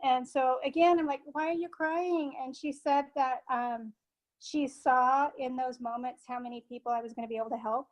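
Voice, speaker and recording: High-voiced woman guest, halting speech. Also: steady tone, low-quality recording. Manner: halting, many filler pauses. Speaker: guest sound therapist and forest guide. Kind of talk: casual interview chat.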